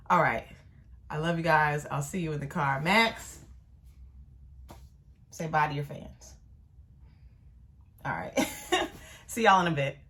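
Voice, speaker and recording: A middle-aged woman vlogging casually, playful and animated, chatting to her pet and her viewers. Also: deep voice. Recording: faint background noise.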